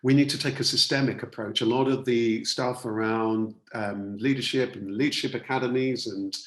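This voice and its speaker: A man's voice: mid-range voice, fairly even intonation, moderate pace, fairly bright tone, echoey room. A man, a coach and speaker, leading an online masterclass and repeating key words earnestly for emphasis. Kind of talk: online workshop talk.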